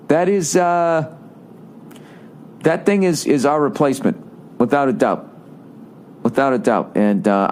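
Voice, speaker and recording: A Boston-accented man in his forties hosts a podcast in a mid-range voice, with slight background noise. His comedic monologue is rambling, profane, and sarcastic, an animated rant as he reads listener emails and comments on them.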